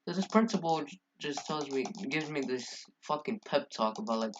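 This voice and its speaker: A man's voice: on the high side, expressive, moderate pace, muffled recording, noisy background. A man telling a casual story-time tale, rambling and profane, full of fillers and restarts. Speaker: storyteller vlogger.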